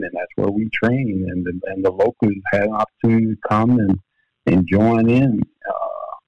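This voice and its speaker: Gravelly low-voiced older man. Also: no room sound. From Louisiana. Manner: unhurried storytelling with many fillers and restarts. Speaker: former basketball player and coach, guest. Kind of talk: reflective podcast interview. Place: home office. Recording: dull lo-fi dry remote audio.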